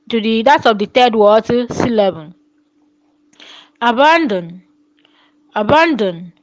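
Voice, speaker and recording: A woman gives a phonetics lesson at an unhurried pace. Her voice sits a little high, and she repeats example words and asks her listeners rhetorical questions. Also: rough recording. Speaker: English teacher.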